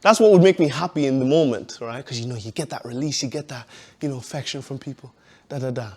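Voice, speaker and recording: A man's voice: mid-range voice, quick pace, husky. A man giving a personal testimony in a casual, conversational way, with many "you know"s and frequent laughs.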